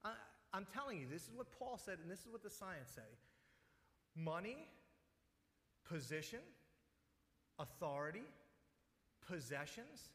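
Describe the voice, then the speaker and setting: A man's voice: high-pitched, very animated, unhurried, long pauses, fairly bright tone. Man preaching in a reverberant hall. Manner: conversational preaching, tells personal stories. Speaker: pastor. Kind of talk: sermon.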